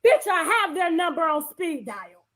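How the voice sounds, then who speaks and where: A woman's voice: very high voice, lively intonation, normal speed, a crowd in the background. A woman on a live stream, delivering a combative rant full of cursing and repeated phrases.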